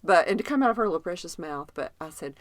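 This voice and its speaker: A woman's voice: on the low side, fast talker, no echo. A woman co-hosting a podcast, telling stories in casual chat and laughing often. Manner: animated storyteller, laughs often. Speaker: podcast co-host.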